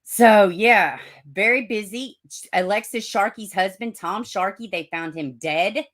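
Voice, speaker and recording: A woman's voice: medium pitch, measured pace, a bit bright. A middle-aged woman hosting a casual livestream, greeting viewers by name, swearing and laughing at herself as she tells a story. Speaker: livestream host.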